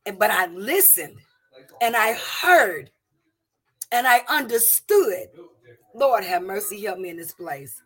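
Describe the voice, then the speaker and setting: A middle-aged woman giving a personal testimony to a congregation, in an emotional, halting way with many restarts and repeated words. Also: mid-range voice, animated, bright, forceful tone, breathy edge. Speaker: church member giving testimony.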